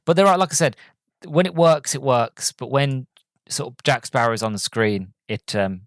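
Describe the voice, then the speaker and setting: A man of middling pitch talks through a casual film review on his podcast. He rambles and hesitates, circling back with fillers and restarts, and he sounds deflated and let down. His voice is recorded close and dry, with no room sound. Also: moderate pace, no echo.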